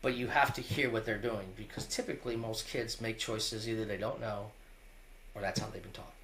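A middle-aged man with a bright, forceful voice, a wrestling coach talking openly as an interview guest. He speaks in earnest, looping storytelling, restarting phrases and tagging them with "right?". A faint hum sits behind him. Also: lowish voice, fairly even intonation, brisk. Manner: earnest, restarts often, tags lines with "right?".

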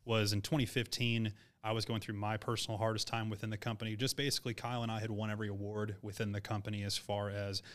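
A man's voice: lowish voice, little pitch movement, quick pace, fairly bright tone. A man who owns a business, speaking as an interview guest and giving blunt, earnest advice about learning and work. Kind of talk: reflective interview talk.

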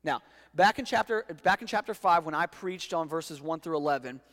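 A man's voice: a little high, animated, moderate pace, fairly bright tone, long reverb tail. A man preaching a sermon as pastor, emphatic, often repeating words as he reads scripture aloud.

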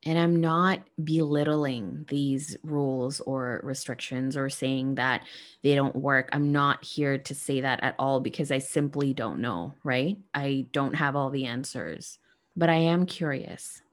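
A woman hosting a reflective spiritual monologue, speaking gently and earnestly to her listeners. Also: extremely low pitch, unhurried. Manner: gentle, soft-spoken, earnest.

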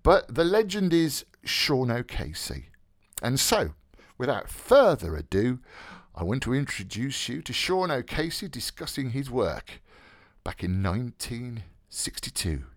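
A man's voice: medium pitch, sing-song, a little slow, dry recording, studio quality. A man hosting a literary radio podcast, chatting casually in a rambling, jokey way full of fillers. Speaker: podcast host.

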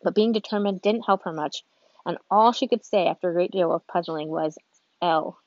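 A woman's voice: lowish voice, brisk, a little mellow, no echo, muffled recording. A woman reading a children's book aloud from a street, informal, with restarts and asides. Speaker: reader.

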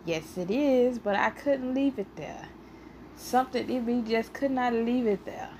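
A woman hosting a casual solo podcast, telling stories in an animated, playfully argumentative way and sounding a little out of breath. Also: on the high side, measured pace, slight background noise. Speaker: podcast host.

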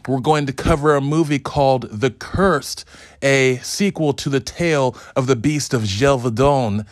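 A man's voice: mid-range voice, a little slow, no echo. A man hosting a solo review podcast, talking in a hyped, profane, joking ramble. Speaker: podcast host.

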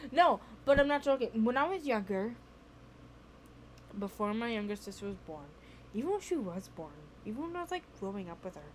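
A young woman hosting a podcast, telling a story in casual chat, animated and swearing, laughing between lines, from her bedroom at home. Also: mid-range voice, a little hiss or hum. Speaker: podcast host.

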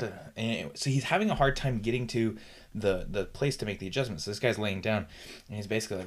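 A podcast co-host, his voice on the low side and his pace quick, chats casually and tells meandering stories, often using fillers and starting over.

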